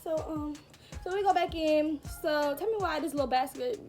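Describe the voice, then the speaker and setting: A young woman with a high voice tells a story to her camera in a loose, chatty vlog style. She is animated and pokes fun at herself as she talks straight to her viewers. Faint music plays behind her. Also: normal speed. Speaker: vlogger. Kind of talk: casual storytime chat to camera.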